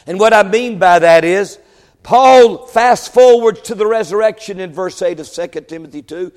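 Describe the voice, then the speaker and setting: A man preaching a sermon, swinging from shouted peaks to low quiet asides and stumbling over words when worked up. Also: big-room sound. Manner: stammers and restarts when worked up.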